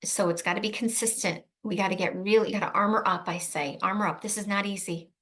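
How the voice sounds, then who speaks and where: A woman's voice: mid-range voice, steady tone, quick pace, a bit bright. A woman coaching protective parents in an earnest, emphatic way. She often repeats key phrases and checks in with "right?". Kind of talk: advice talk to camera.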